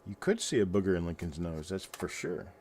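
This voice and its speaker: Low-voiced folksy man on a livestream. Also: lively intonation, fairly quick, a little mellow, a little hiss or hum. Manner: folksy and rambling, talks to viewers. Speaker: host of a coin roll hunting livestream. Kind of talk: casual livestream chat.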